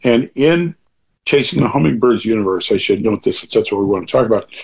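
A man's voice: lowish voice, expressive, fairly quick, vocal fry, a little mellow, husky. An older man talking as an interview guest, earnest and rambling, often restarting and going off on asides. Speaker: author guest being interviewed. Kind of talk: reflective interview talk.

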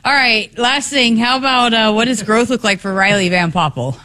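A woman hosting a sports talk show, briskly moving it from topic to topic. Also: fairly high pitch, bright, forceful tone. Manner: brisk, moving things along.

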